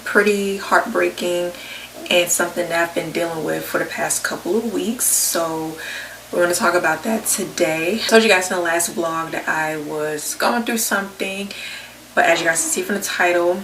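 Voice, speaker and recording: A woman with a somewhat low, slightly bright voice speaks at normal speed in her personal vlog, chatting openly and emotionally straight to her viewers. The recording sounds roomy and a bit distant from the mic, with faint hiss.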